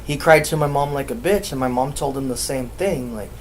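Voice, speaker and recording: A man's voice: medium pitch, brisk, few pauses, a little hiss or hum. A man, a podcast host, casually telling a ghost story with heavy swearing and acting out the quoted dialogue. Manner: profane, animated, acts out quoted dialogue.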